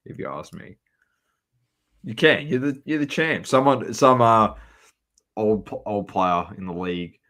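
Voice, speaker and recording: An Australian man hosting a sports podcast, with a somewhat low voice. He teases his co-host and keeps things moving from one segment to the next in an easy, joking way. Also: fairly bright tone. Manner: jokey, teasing, runs the segments. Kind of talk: casual sports chat.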